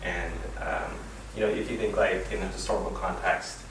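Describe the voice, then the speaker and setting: A man's voice: low-pitched, steady tone, normal speed, gravelly, fairly bright tone. A man in his thirties from Reno giving a casual sermon-style talk, rambling with many fillers. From Reno, Nevada, US. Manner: rambling, full of "you know" and "like". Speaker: fellowship speaker. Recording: echoey room, distant mic, background noise.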